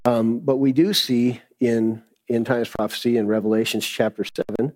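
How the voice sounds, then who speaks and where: A man's voice: medium pitch, steady tone, normal speed, darkish tone, poor audio. A man giving a conversational sermon as a Bible teacher, reading scripture aloud and then explaining it in loose everyday talk.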